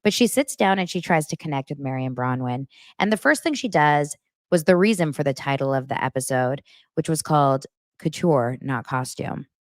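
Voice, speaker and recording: Low-voiced woman hosting a gossipy recap. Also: normal speed, no room sound, studio quality. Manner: gossipy and expressive, acts out quotes. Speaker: podcast host. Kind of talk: casual reality-TV recap chat.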